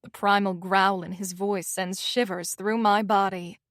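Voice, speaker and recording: A woman's voice: medium pitch, steady tone, measured pace, no room sound, clean studio sound. A young woman with a Southern accent narrating a first-person romance audiobook in a wry, self-mocking way.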